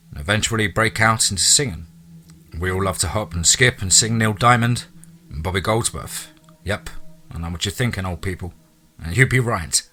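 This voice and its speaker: A man narrating a listener's true ghost story in a dramatic storytelling manner, dropping into low asides. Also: sharp tone.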